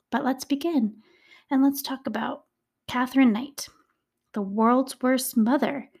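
A woman's voice: a little high, a little mellow. A woman hosting a true crime podcast, telling the case in a chatty, conversational way with dramatic emphasis. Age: adult, a parent. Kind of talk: casual true-crime storytelling.

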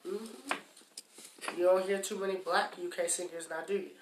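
A man's voice: high-pitched, unhurried, noisy background. A man chatting casually in a laid-back way. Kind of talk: casual chat. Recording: roomy echo.

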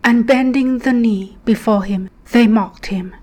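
A woman leading a prayer, reading scripture aloud in a hushed, reverent devotional manner. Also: a little high, a little slow, poor audio. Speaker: prayer leader.

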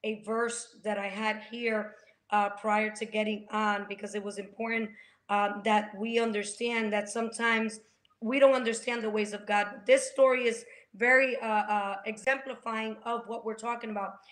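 Brief: female host, faith talk, higher pitch, bright tone, lively retelling. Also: normal speed. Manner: animated, retells scripture with acted quotes and laughs. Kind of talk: faith podcast conversation.

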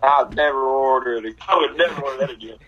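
A man's voice: medium pitch, quick pace, a bit bright, highs cut off, faint music behind. A man co-hosting a podcast over a remote call, chatting casually in loose, slangy banter. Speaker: podcast co-host. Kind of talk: casual chat. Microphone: remote call audio that cuts out.

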